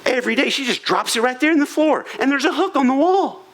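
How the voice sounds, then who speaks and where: A man voicing an exasperated husband, pitched way up. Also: fast talker, exaggerated voice. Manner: animated, exaggerated complaint. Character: exasperated husband ranting about his wife.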